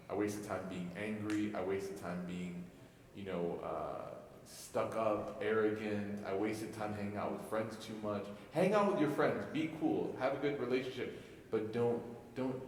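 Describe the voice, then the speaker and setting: Young imam, low voice, echoey hall. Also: male voice, far from the mic. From Egypt (family), raised in Chicago. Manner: emotional, storytelling with jokes and rhetorical "right?". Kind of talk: mosque talk to youth.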